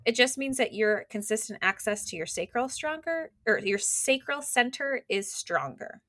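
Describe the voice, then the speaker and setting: A woman guest on a podcast, a business coach, explaining in casual, animated talk full of "like" fillers. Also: a little high, normal speed, no room sound. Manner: animated, quotes imagined inner voices, many "like" fillers.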